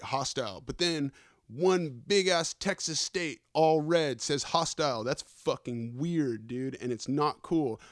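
A man's voice: on the high side, no echo, clean studio sound. A man hosting a podcast, ranting through the news in slangy, profane casual talk and tacking "right?" onto his points. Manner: slangy, keeps adding "right?" and "okay?". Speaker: podcast host.

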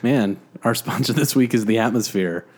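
A man's voice: on the low side, moderate pace, a little mellow. Casual male podcast co-host, self-deprecating, rambly, filler-heavy, recorded at home. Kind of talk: casual joking podcast chat. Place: living room.

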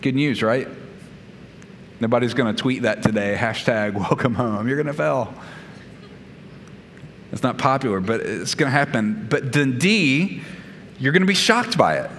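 A man's voice: medium pitch, lively intonation, normal speed, pauses often, fairly bright tone, slight background noise. A man preaching a sermon as pastor, emphatic, repeating key phrases and laying out numbered points. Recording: long reverb of a large hall.

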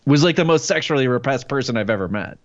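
A man's voice: mid-range voice, lively intonation, fast talker. A man in his thirties, co-hosting a casual comedy podcast, wryly riffing on topics. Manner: wry, riffing, acts out voices in his jokes. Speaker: podcast co-host. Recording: slightly dull lo-fi audio.

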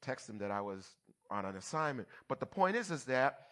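A man's voice: medium pitch, sing-song, a little fast, fairly bright tone. A man preaching a sermon as pastor, checking in with the congregation and teasing with playful asides. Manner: call-and-response, checks on the congregation.

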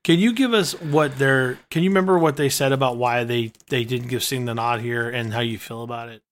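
A man's voice: medium pitch, fairly quick. A man hosting a wrestling podcast who asks a guest a long question, rephrasing as he goes. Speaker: podcast host. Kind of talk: interview questioning.

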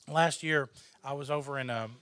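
A man's voice: medium pitch, moderate pace, dry recording. A man, a filmmaker, telling a story in casual chat, quoting others with lots of "he goes" and "I was like.". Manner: animated, quotes others with "he goes". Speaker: guest filmmaker.

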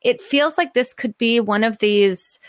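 A woman's voice: fairly high pitch, a little slow, dry recording, studio quality. Enthusiastic woman host, rambling questions. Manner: enthusiastic, thinking aloud in long winding questions. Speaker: podcast host. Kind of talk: conversational interview.

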